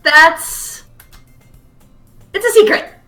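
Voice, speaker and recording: Woman reading a bubbly schoolgirl for a visual novel stream; high, bright, sing-song. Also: very slow, faint music behind, exaggerated voice. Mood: sheepish. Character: cheerful clumsy teenage schoolgirl.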